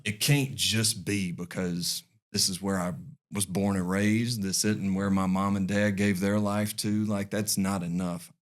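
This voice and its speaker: A man in his forties, a podcast guest, tells a heartfelt personal story in an earnest, folksy way, often restarting his phrases. His voice is low and level, a little slow.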